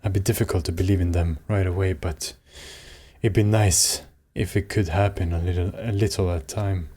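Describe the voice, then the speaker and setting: A man's voice: low-pitched, steady tone, moderate pace, warm tone. A man voicing the reflective inner monologue of an uncertain young male student in a video game.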